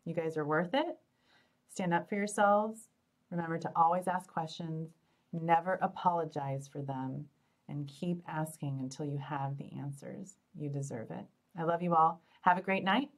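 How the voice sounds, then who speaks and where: Upbeat low-voiced woman fertility doctor. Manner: upbeat, chatty, joking, addresses listeners as "you guys". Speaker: fertility doctor and show host. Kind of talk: live Q&A answering viewer questions.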